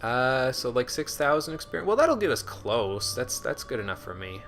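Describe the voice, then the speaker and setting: Bright, lively streamer. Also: male voice, medium pitch, normal speed, soft background music. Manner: chatty, answers chat, self-deprecating with restarts. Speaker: game streamer. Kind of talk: casual live-stream game commentary.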